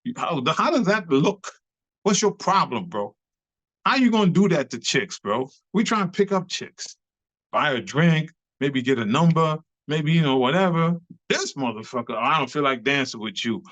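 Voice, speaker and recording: A club dancer from New York City tells stories as a guest in a casual interview, speaking at a moderate pace in a slightly high voice. He's slangy, profane, and animated, acting out the people he quotes. The lo-fi recording sounds slightly dull.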